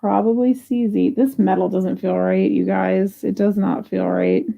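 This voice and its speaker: In a casual live selling chat, a woman prices jewelry while thinking aloud and sometimes grumbling. She speaks unhurriedly in a level, creaky, mellow mid-range voice, and the recording's highs are cut off.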